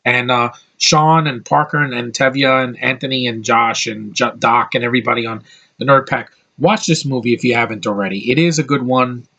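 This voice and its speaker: A man's voice: medium pitch, brisk, sharp tone, highs cut off. An American man giving a casual, rambling film review, blunt and opinionated, swearing freely and restarting his sentences often. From United States. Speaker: movie reviewer.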